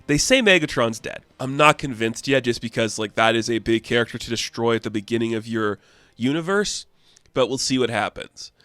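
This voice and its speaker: A man's voice: mid-range voice, expressive, brisk, a bit bright, clean tone, no room sound. Chatty man recapping a comic. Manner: rambling, full of "like" fillers, playfully acts out characters' lines. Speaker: comic book reviewer.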